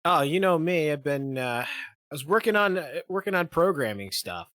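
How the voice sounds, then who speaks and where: High bright-voiced guy on a stream panel, laid back. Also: expressive, normal speed, no echo, clean studio sound. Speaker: panel co-host. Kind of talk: casual panel chat.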